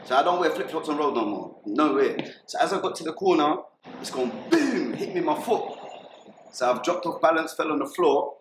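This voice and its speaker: A young man with a London accent recounts events in a lively, acted-out way, voicing shouts and bangs. His voice sits a little high, and the room around him rings with echo over a faint background noise. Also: a little fast. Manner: vivid retelling, acts out shouts and gunshot sounds. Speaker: interviewee. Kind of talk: animated storytelling.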